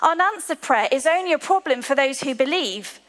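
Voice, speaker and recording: A woman preaching a sermon to her church, earnest, slowing to a hushed voice on key lines. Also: high voice, animated. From England. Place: large church hall. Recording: long hall reverb.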